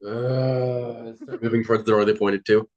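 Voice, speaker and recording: Man quickly describing his character's actions. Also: mid-range voice, little pitch movement, a little mellow, highs cut off. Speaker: player. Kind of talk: tabletop game play.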